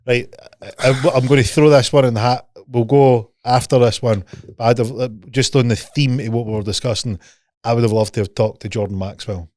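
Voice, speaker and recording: A man's voice: medium pitch, fairly even intonation, fairly quick, a little mellow, no room sound, clean studio sound. A man hosting a podcast, telling a long story in a casual, sweary way. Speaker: podcast host.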